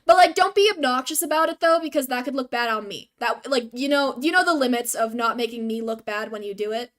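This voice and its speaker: A young woman with a high, light voice chats with her stream audience while she plays. She rambles and pokes fun at herself in an easy, casual way. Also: brisk, a bit bright. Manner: rambling, self-deprecating, chatty. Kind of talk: casual game stream chat.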